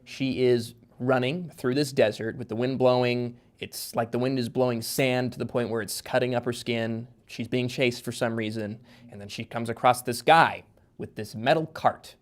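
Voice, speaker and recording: A man speaking as a guest author in a casual podcast conversation. His pitch sits in the ordinary middle range. He rambles and restarts, padding his explanations with fillers. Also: fairly even intonation, normal speed.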